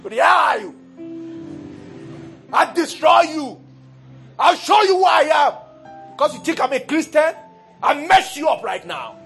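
A man acting out a hot-tempered grown man who shouts threats while picking a street fight. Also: extremely high pitch, very animated, quick pace, few pauses, soft background music, voice pushed up. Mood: furious. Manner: shouting threats, boastful and aggressive.

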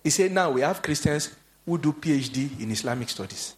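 Animated man preaching a sermon. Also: fairly quick. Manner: animated storytelling, acts out quoted voices in a high pitch.

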